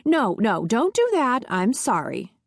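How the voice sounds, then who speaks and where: A woman's voice: on the high side, big pitch swings, a little slow, no echo, clean studio sound, exaggerated voice. A woman voicing a demanding, self-pitying middle-aged mother who is exasperated with her son. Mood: pushy exasperated. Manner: exasperated and pushy.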